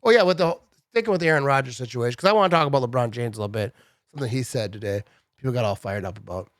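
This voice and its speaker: A man in his thirties giving a casual, animated sports rant to his viewers, full of "bro" and "dude". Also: medium pitch, racing, dry recording, studio quality. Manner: animated, chatty, says "bro" and "dude" a lot. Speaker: sports vlogger.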